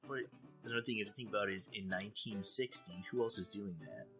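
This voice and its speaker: Male co-host, art teacher, very low voice, relaxed and reflective explainer. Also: fast talker, soft background music. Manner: easygoing, thoughtful, explains with many fillers. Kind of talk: casual chat about art.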